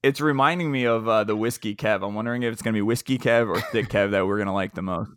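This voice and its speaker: A man's voice: lowish voice, fast, a bit bright, smooth, no room sound, studio quality. A man co-hosting a podcast, teasing the others in casual chat. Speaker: podcast co-host.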